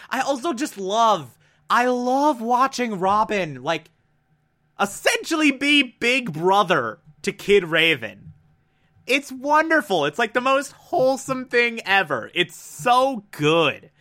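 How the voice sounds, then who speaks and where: A man's voice: a little high, bright, forceful tone. A man giving casual review commentary on a cartoon episode, gushing and enthusiastic, with frequent "uh" fillers.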